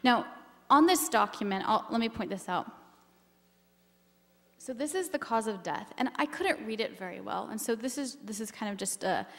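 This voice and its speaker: A woman's voice: fairly high pitch, animated, moderate pace, gravelly, long reverb tail. A woman giving a keynote talk on family history, earnest and emotional, with many ums as she goes.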